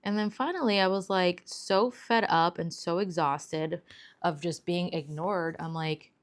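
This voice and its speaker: A woman's voice: on the low side, a little slow. A young adult woman vlogger telling a travel story in a casual, rambling way, full of fillers and "like". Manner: chatty, rambling, many fillers and "like". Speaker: planner vlogger.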